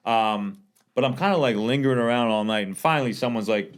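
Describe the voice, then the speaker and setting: A man's voice: medium pitch, brisk, clear, resonant tone. Middle-aged guy telling wild stories on a podcast, cursing, doing everyone's lines. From Boston area, USA. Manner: animated, profane, acts out quoted dialogue. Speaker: podcast guest, former rapper. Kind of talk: casual podcast storytelling.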